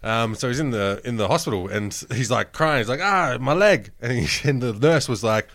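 A man's voice: medium pitch, a little fast, a bit bright, dry recording, studio quality. A man, chatting casually about football, joking and swearing as he tells rambling stories. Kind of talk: casual sports chat.

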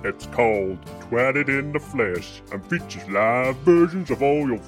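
A man's voice: medium pitch, lively intonation, measured pace, faint music behind, lightly acted. A man voicing a boastful, washed-up male country singer in a spoof radio advert, with folksy salesman patter. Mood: hammy pitch.

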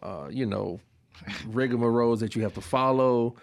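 A man's voice: mid-range voice, normal speed, gravelly. A man from Mississippi, a guest on a chat show, laid-back and self-deprecating. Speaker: guest, radio director. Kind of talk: casual studio chat.

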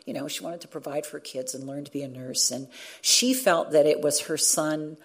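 Middle-aged woman journalist recounting a story in an interview; earnest, slightly low voice, restarts often. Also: normal speed, vocal fry, slightly rough. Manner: earnest, with frequent restarts and acted-out quotes. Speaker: radio journalist and former show host. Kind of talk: reflective storytelling in a conversation.

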